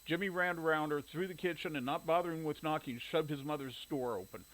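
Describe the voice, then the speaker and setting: A man narrating a story in a steady reading voice. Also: fairly high pitch, brisk, few pauses, poor audio. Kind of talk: audiobook narration.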